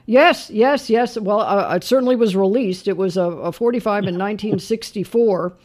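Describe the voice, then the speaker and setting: A woman's voice: medium pitch, moderate pace, a little mellow. A woman hosting a call-in radio show, chatting cheerfully with callers and thinking aloud with plenty of fillers. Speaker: radio host. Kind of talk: casual call-in radio chat.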